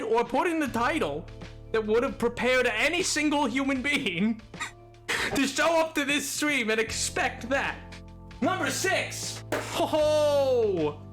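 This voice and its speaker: Chatting casually during a game stream, a man with a very high, sharp-toned voice rambles from one tangent to the next. Laughter comes easily and often.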